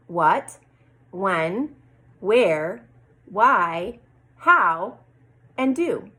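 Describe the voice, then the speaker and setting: Lady teacher walking little kids through a grammar lesson, reads examples out slow. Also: mid-range voice, fairly bright tone, rough recording. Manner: slow, drawn-out reading of example sentences. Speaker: first grade teacher. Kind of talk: teaching a lesson to young children.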